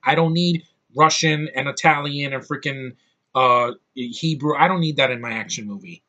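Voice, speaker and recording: A man's voice: mid-range voice, moderate pace, sharp tone, dull audio. An American man giving a blunt, heated movie review in a rambling casual rant, often restarting his sentences. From United States.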